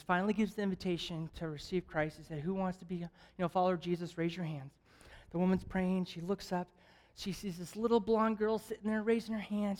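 A man preaching as a guest evangelist at a church service. He is an animated storyteller who jokes and chuckles often. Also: high-pitched. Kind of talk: lively sermon with stories.

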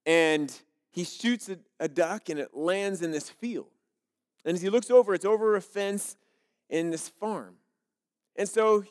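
High-voiced man preaching conversationally. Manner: conversational, storytelling, frequent restarts. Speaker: pastor. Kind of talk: sermon.

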